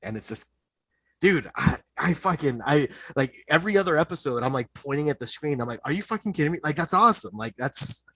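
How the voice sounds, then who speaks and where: A man on a casual podcast talks excitedly through old cartoon plots, peppering his speech with fillers and curses. His voice is slightly husky. The recording is dry and close. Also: fairly high pitch, a little fast, no room sound, rough recording. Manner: excited, profane storytelling, many "like" fillers. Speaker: podcast co-host. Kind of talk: casual chat.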